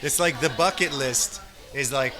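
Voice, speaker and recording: A man from Canada, probably in his thirties, runs a restaurant and spins casual stories about food and family. He talks in loose, rambling sentences. His voice sits at a middle pitch and stays warm and easygoing. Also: a little slow, a crowd in the background. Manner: animated anecdotes with lively acted-out quotes. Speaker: restaurant owner and chef. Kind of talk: casual storytelling interview.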